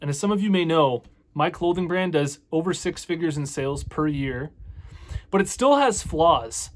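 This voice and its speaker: A man's voice: fairly high pitch, animated, moderate pace. A Canadian man with a Canadian accent hosting a casual business advice vlog as a clothing brand owner, talking openly and earnestly with frequent "you know" fillers.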